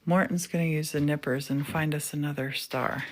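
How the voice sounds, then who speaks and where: A woman's voice: sits low, steady tone, normal speed, noisy background. A woman hosting a casual live demo from a glass studio, gushing with affection and chatting to her viewers. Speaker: livestream host. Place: indoor glass fusing studio.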